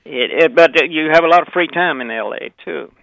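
An older Southern man tells his stories in a rambling way, chuckling and restarting his sentences. His voice is heavily gravelly and full of fry. It comes over a dry, tinny phone line. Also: on the high side, a little fast, a bit bright, no echo. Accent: Southern American. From Memphis, Southern US. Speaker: guest, actor and author. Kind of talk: relaxed anecdotal interview.

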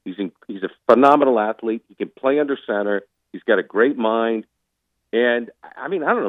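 Animated man ranting on a phone line. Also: medium pitch, a little fast, dry recording. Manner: animated, opinionated, emphatic rants. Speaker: guest sports commentator. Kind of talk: casual radio interview.

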